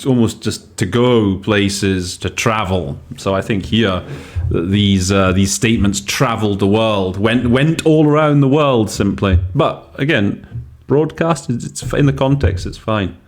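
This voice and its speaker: A man's voice: on the low side, measured pace. A man hosting a podcast on interpreting, talking casually and thinking aloud as he weighs English word choices. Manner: thinks aloud, many fillers and restarts. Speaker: podcast host teaching interpreting. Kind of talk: casual explanatory commentary.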